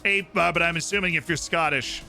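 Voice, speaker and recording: A man on a live stream calls the action of a football management game like a broadcaster, his voice sitting a bit high. He slips into shouted commentary when a goal goes in. Game music plays clearly behind him. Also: fairly quick. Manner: mimics match commentary, bursting into shouts at goals.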